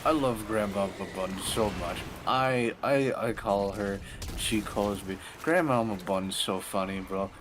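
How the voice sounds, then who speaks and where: A young man streamer chatting casually, animated and quick to laugh. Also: on the low side, background noise. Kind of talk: casual chat.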